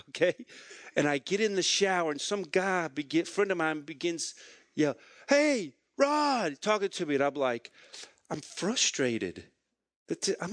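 Higher-voiced man preaching a sermon. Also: a bit bright, dry recording, studio quality. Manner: conversational storytelling preacher, repeats phrases for emphasis. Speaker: pastor.

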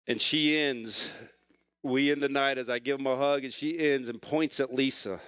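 A man's voice: mid-range voice, steady tone, moderate pace, fairly bright tone, clean tone, dry recording, clean studio sound. A middle-aged man, a pastor, preaching a sermon through a personal story, speaking earnestly and with emotion.

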